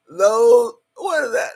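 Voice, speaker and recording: A woman's voice: a little high, vocal fry, husky. A woman hosting a livestream, talking brashly and profanely, boasting and laughing often as she greets her chat. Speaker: livestream host.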